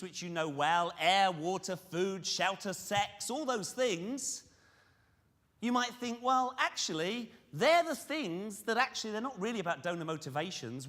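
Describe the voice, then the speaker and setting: A man giving a lively conference presentation, questioning the audience directly. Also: high voice. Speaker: conference speaker on fundraising. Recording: reverberant hall.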